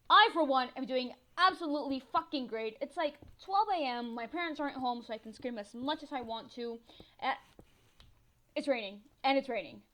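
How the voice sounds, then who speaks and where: Chatty excitable teen girl from Mexico. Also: high voice, normal speed. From northern Mexico. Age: teens. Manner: chatty, excitable, swears freely, laughs often. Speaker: gaming vlogger. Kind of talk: casual storytelling voiceover.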